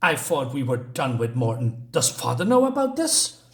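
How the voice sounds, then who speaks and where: A man reading aloud the lines of a disapproving, sharp-tongued older sister in a scornful way. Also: medium pitch, very animated, moderate pace, breathy edge.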